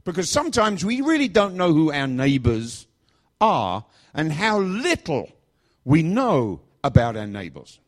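A man's voice: on the high side, huge pitch swings, measured pace. A middle-aged man from England preaching in a chatty, joking storytelling style. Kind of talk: storytelling sermon.

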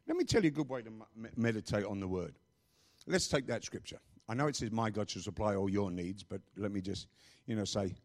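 A man's voice: lowish voice, animated, a little fast. A male pastor preaching a sermon, emphatic and repeating phrases, with rambling asides.

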